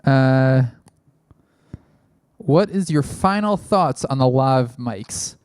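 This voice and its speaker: A man's voice: mid-range voice, animated, drawn-out words, darkish tone, clear, resonant tone, dry recording. Casual man rambling into a big studio mic. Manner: rambling, many fillers. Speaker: podcast host. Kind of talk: casual call-in chat. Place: small unfinished studio. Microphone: large studio mic, spoken into closely.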